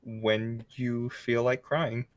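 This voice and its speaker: A young man co-hosting a casual chat show, answering rapid questions with dry wit and some laughter. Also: mid-range voice, level tone. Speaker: podcast co-host.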